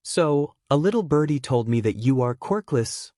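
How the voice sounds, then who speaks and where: A man's voice: mid-range voice, very animated, normal speed, a little mellow, dry recording, clean studio sound. A man voicing a cruel schoolyard bully boy who taunts in a sing-song way. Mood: taunting.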